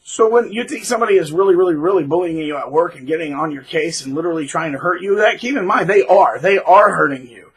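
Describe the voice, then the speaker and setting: Husky man in a sarcastic rant. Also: fairly high pitch, fast talker, hardly any pauses, rough recording. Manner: rambling, sarcastic, with many fillers and restarts. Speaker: channel host. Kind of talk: ranting monologue commentary.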